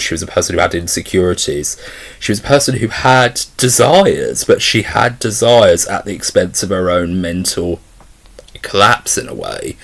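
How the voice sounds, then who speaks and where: Low-voiced man rambling through a film review. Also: a bit bright. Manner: rambling, lots of fillers and restarts. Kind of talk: casual spoken film review.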